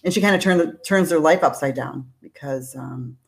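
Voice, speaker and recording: Chatty middle-aged actress, lowish voice. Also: female voice, moderate pace, vocal fry. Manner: chatty, laughs often, rambling restarts. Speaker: actress guest. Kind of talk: casual interview chat.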